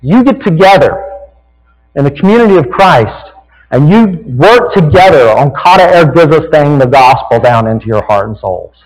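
A man's voice: fairly high pitch, expressive, normal speed, big-room sound, poor audio. Man preaching with a Southern drawl. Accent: Southern American. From American South. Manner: folksy, conversational preaching with repeated "right?". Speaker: pastor. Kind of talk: sermon.

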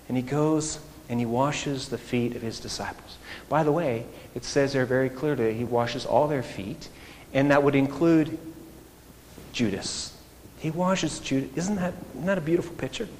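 A man preaching a sermon in an animated, conversational way, full of rhetorical questions. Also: mid-range voice. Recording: echoey hall, faint noise.

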